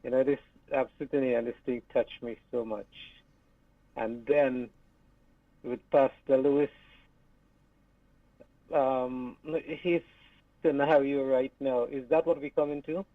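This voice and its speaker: A man calling in to a radio show, talking earnestly with many pauses and restarts. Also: medium pitch, fairly even intonation, no echo. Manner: earnest, hesitant, stops and restarts while talking. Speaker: caller. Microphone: phone call. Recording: tinny distant phone line.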